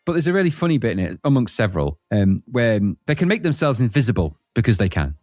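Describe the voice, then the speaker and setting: A man's voice: mid-range voice, sing-song, fast, a little mellow, no echo. Male podcast co-host, mid-range voice, blunt and jokey, dry close mic. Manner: blunt, laughing, acts out scenes. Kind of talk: casual retro film chat.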